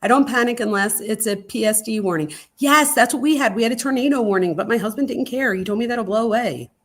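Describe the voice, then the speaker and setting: A woman hosting a true crime livestream from home, chatting casually in an excitable way and saying "like" a lot. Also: a little high, quick pace. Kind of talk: casual live-stream chat. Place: at home during a storm.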